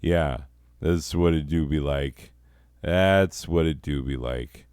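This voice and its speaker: A man's voice: extremely low pitch, takes it slowly, a little mellow, clean tone, dry recording, studio quality. A man hosting a comedy show, telling stories in a rambling, profane, casual way full of fillers. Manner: rambling, heavy swearing, many fillers. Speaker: comedy podcast host. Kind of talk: casual profane comic storytelling.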